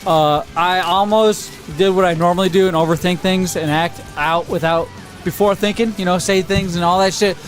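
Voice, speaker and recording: A man's voice: sits high, fairly even intonation, moderate pace, soft background music. A man co-hosting a podcast, chatting casually, swearing often and laughing a lot. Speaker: podcast co-host. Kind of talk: casual profane banter.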